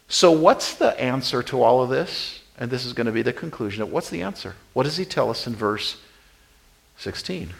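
A man's voice: mid-range voice, normal speed, creaky, rough recording. Man preaching a sermon with emphatic swings. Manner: swings from loud emphatic preaching to quiet conversational asides; repeats key phrases for emphasis. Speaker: pastor.

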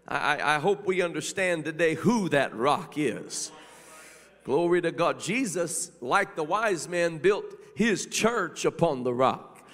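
Male preacher, high-pitched, slow and deliberate, sermon in a big echoing hall. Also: a bit bright. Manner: preaching cadence with repetitions and exclamations of hallelujah. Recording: long reverb of a large hall.

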